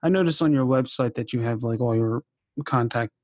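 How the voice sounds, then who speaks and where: Low-voiced chatty woman host. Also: a little fast, darkish tone, dry recording. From United States. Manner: chatty, laughs often, many fillers and restarts. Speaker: podcast host. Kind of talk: casual interview chat.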